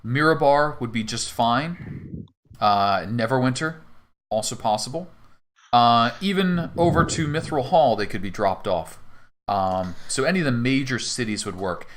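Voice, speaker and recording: A man narrating a tabletop game as game master, relaxed and descriptive. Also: medium pitch, a little slow.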